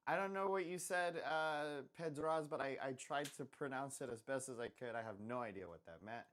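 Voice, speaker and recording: A man's voice: mid-range voice, moderate pace, a bit bright. A man chatting casually while drawing on a live stream, rambling and self-deprecating, often trailing off into mutters.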